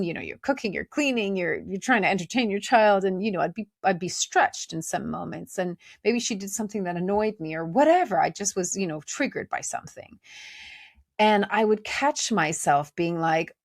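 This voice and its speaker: A woman hosting a podcast, speaking in a gentle, conversational way with many fillers as she reflects on inner life. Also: mid-range voice, no room sound, clean studio sound. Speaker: podcast host. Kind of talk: reflective spiritual talk.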